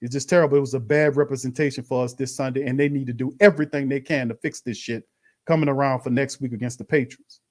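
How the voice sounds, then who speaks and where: A man's voice: mid-range voice, fairly even intonation, quick pace, a little mellow. A man hosting a live-stream watch party, commenting bluntly on a loss and calling his viewers fam. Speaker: sports show host.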